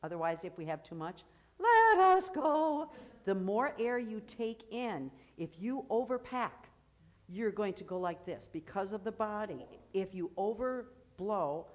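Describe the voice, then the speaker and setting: A woman's voice: fairly low pitch, a little mellow. A woman coaching a choir through vocal technique, explaining and encouraging as she demonstrates. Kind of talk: rehearsal vocal instruction.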